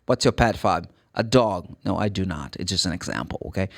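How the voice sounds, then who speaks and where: A man with a Brazilian Portuguese accent, a native Portuguese speaker, teaching English pronunciation. He draws out each letter sound slowly and acts out the questions students ask him. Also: low voice, expressive, creaky. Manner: drawn-out sound demonstrations, plays student questions. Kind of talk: pronunciation lesson.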